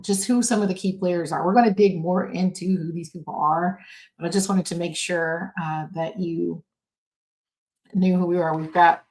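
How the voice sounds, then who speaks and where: Woman doing a home podcast, lowish voice, lots of ums and restarts, just chatting casually. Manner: halting, with many fillers and restarts. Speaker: podcast host.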